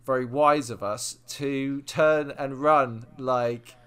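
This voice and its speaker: A man co-hosting a podcast, chatting casually and telling stories in an animated way, often repeating words. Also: mid-range voice, slow, smooth. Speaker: podcast co-host. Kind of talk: casual chat.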